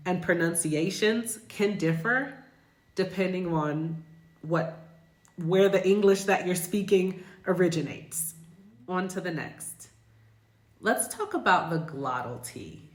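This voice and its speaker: A woman's voice: fairly low pitch, fairly bright tone, reverberant. An American woman teaching English pronunciation, speaking carefully and repeating example words. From United States. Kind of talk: pronunciation lesson.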